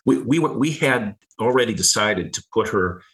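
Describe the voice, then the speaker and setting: A middle-aged man recounting a personal story in conversation, halting and repeating words, with small chuckles. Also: lowish voice, lively intonation, a bit bright, poor audio. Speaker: guest.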